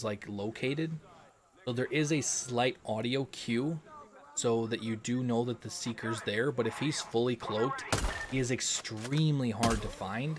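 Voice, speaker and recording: Answering super chats on his gaming livestream, a young man with a medium-pitched voice chats casually in a relaxed, rambling way, often saying um and restarting. There's slight background noise.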